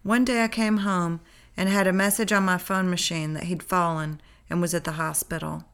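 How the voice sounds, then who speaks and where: A woman reads her own memoir aloud in a calm, unhurried manner. Her voice sits on the low side, and she tells the story plainly. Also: clear, resonant tone. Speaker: narrator. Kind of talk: memoir read-aloud narration.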